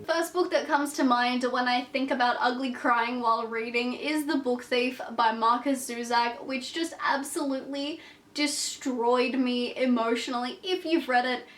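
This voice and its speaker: A young book vlogger with a sick, congested voice chats casually and emphatically, often poking fun at herself. Her voice sits high and fairly bright at a normal speed, set back from the mic in an echoey room with faint music behind.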